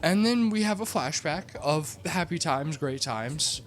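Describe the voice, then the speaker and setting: A comedic movie reviewer tells a film's plot with sarcastic, animated storytelling and lots of "like" fillers. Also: medium pitch, measured pace. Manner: frequent "like" fillers.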